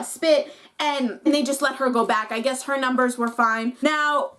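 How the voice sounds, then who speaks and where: Chatty young woman recapping a reality show. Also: a little high. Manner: chatty, emotional, heavy use of "like". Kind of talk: casual recap vlog.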